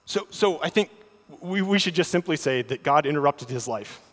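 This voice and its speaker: A man preaching a sermon, often repeating words as he starts a thought, with animated delivery. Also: a little high, moderate pace. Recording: long hall reverb.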